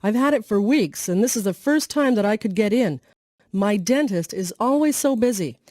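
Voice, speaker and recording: A woman's voice: medium pitch, lively intonation, normal speed, a little mellow, no room sound, studio quality. A woman reading lines of a scripted practice dialogue in a plain way.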